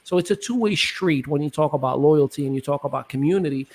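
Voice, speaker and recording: A man's voice: a little high, fast talker, darkish tone. A man hosting a casual panel discussion, talking passionately and building his points with repeated phrases. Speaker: host.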